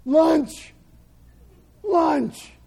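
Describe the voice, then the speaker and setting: A man acting out a hungry, stubborn apostle in excited, raised tones. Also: extremely high pitch, moderate pace, big-room sound, pitched above the performer's own voice.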